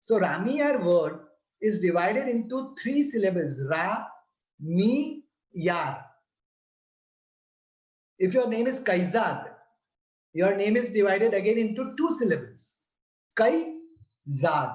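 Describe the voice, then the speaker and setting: A man giving a slow, deliberate lesson that explains a prayer and breaks its words into syllables. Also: sits high, lively intonation, a little mellow. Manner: deliberate, repeats and spells out syllables. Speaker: religious teacher. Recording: roomy, slightly dull sound.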